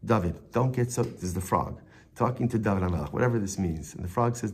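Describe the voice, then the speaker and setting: A man's voice: lowish voice, quick pace, slight background noise. A man giving a Torah lesson as a rabbi, telling the story with Hebrew phrases woven in and often repeating words as he thinks.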